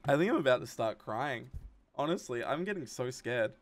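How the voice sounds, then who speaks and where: A streamer giving live commentary on a horror game, jumpy and swearing, muttering low between shouted refusals. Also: expressive, moderate pace, faint music behind.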